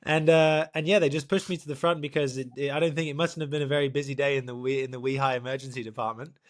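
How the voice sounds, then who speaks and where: A young man, a professional triathlete, co-hosting a podcast and telling a story in a lively, animated way, acting out what people said. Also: medium pitch, fast talker. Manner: animated storyteller, acts out quotes, laughs often. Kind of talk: casual storytelling chat.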